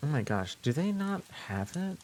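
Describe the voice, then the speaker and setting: A man's voice: a little high, very animated, moderate pace, a little mellow. A man from French Canada streaming live, chatting casually and jokingly with his viewers, rambling and often repeating himself.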